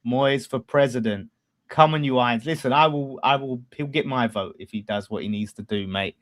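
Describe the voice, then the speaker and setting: Animated man hosting football chat. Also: mid-range voice, moderate pace. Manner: animated, swears, shifts loud and quiet. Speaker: fan channel host.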